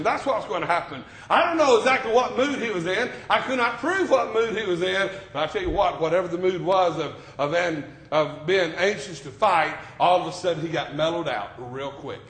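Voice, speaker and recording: A male preacher delivering a sermon in a church classroom, talking conversationally, then loud, then quiet. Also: high voice, a little fast, hardly any pauses, reverberant.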